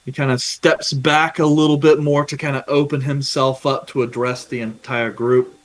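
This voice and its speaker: A man narrating a tabletop game as game master, in an unhurried way full of small fillers. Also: medium pitch, flat delivery, low-quality recording.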